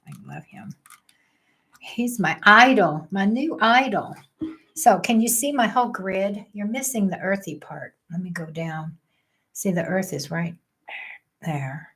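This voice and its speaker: A woman's voice: on the low side, measured pace, a bit bright, a little hiss or hum. An older woman astrologer chatting casually on a livestream, thinking aloud and joking about her trouble with the technology.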